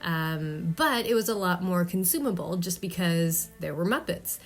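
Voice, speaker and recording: A woman guest on a podcast, her voice a bit lower than most. She chats casually, agreeing readily, hesitating with ums and steady yeahs. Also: normal speed, faint music behind. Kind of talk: casual chat.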